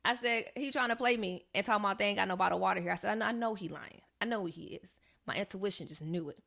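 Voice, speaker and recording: A young woman tells a story on her podcast, and her voice has a gravelly edge. She chats casually and slips into the voices of the people she quotes. Her pitch sits in the middle for a woman. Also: quick pace, fairly bright tone. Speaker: podcast co-host.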